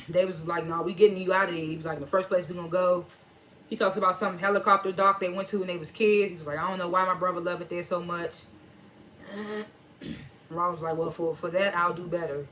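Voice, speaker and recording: Bright-voiced casual TV recap host. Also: medium pitch, flat delivery, fairly quick, slight background noise. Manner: storytelling, quotes characters with "he was like"; chuckles and reacts while retelling. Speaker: TV episode reviewer.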